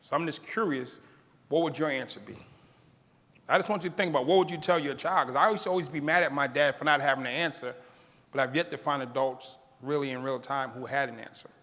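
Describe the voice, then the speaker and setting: A man's voice: mid-range voice, fast. A middle-aged man telling a personal story to an audience, acting out the people in it and laughing at his own lines. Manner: animated, acts out quoted voices. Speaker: keynote speaker. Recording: long hall reverb.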